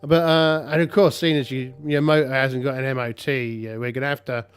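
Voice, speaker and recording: A man's voice: medium pitch, steady tone, brisk, clear, resonant tone, close to an everyday voice. A man voicing a falsely apologetic male police officer in a solo tabletop game, speaking in a breezy, fake-polite way. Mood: mock-apologetic.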